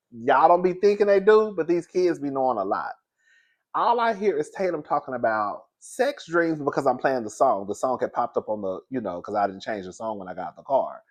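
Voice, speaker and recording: Animated man telling a storytime tale. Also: a little high. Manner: animated, laughs often, keeps calling listeners "girl". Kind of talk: casual storytime monologue.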